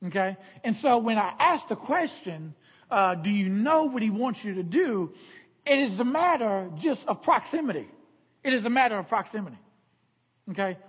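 Male pastor, husky voice, casual preaching style, repeats himself, long hall reverb. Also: high-pitched. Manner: conversational preaching, frequent "okay?" check-ins and repetitions. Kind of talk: sermon.

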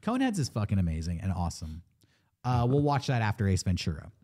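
A podcast co-host with a fairly low voice talks fast and casually on a movie podcast. Animated and eager, he retells a plot and quotes the characters in their voices.

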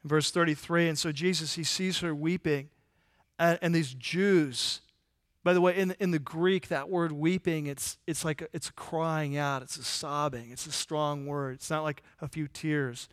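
High-voiced man preaching a sermon. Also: fairly even intonation, measured pace, no room sound, studio quality. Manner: conversational preaching with rhetorical questions; drops to a soft, low voice in tender moments. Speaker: pastor.

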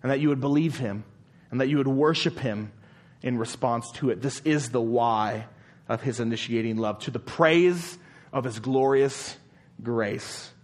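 A male pastor preaching a sermon, asking rhetorical questions again and again and dropping to a quiet, slow voice for emphasis. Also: mid-range voice.

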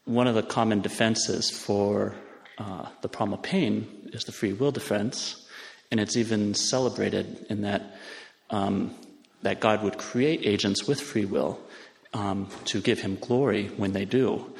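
A man in a church audience asks a spontaneous question from the floor. His low voice is gravelly, and he hesitates often, filling pauses and restarting his sentences. A long reverb from the church hall follows his words. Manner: hesitant, full of fillers and restarts. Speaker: audience member asking a question.

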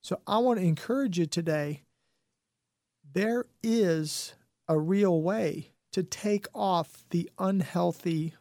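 A man's voice: sits high, slow pace, dark tone, no echo, studio quality. A middle-aged man hosting a health and wellness radio talk show, folksy and preachy, full of rhetorical questions.

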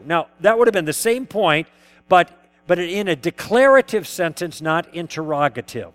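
Male lecturer, high voice, anecdotal teaching style with rhetorical questions. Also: animated, moderate pace. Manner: acts out both sides of past dialogues, poses questions to the audience. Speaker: lecturer teaching conversation tactics. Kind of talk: lecture told through personal anecdotes.

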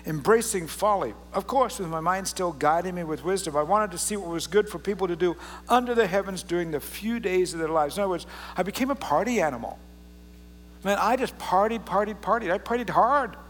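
A pastor preaching a casual, joking sermon and reading scripture aloud with drama. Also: male voice, sits high, fairly quick, fairly bright tone, in a large hall, a little hiss or hum. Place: church sanctuary.

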